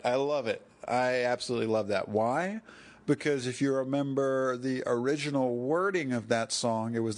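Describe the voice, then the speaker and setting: A man's voice: mid-range voice, normal speed. A man with a mid-range voice talks on his own in a loose, wandering monologue. He drifts from one subject to the next, corrects himself mid-sentence and laughs at his own asides. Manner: digressive, self-correcting, chuckling asides. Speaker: podcast host. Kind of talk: rambling solo monologue.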